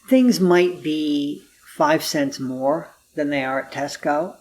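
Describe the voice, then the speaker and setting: An American man in his sixties with a wry, drawn-out storytelling manner, chatting casually as an interview guest in an apartment. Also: on the high side, darkish tone. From United States. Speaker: guest, humor writer. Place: apartment room.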